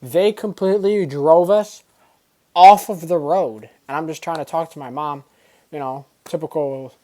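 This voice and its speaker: A man's voice: fairly high pitch, unhurried, dark tone. A man talking casually to camera in a vlog, rambling with lots of fillers and slang. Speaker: vlogger.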